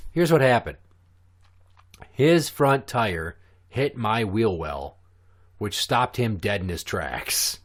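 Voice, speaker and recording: A man with a fairly low voice tells a story on his podcast, cursing freely. He talks casually and with lots of animation. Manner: profane, animated. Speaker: podcast host.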